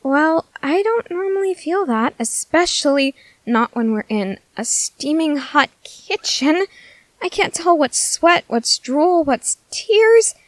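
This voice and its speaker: A woman's voice: sits high, animated, slow pace, dry recording. A woman voicing a food-obsessed teenage soldier girl in an ASMR audio drama, whiny and melodramatic. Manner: whiny, melodramatic, easily sidetracked.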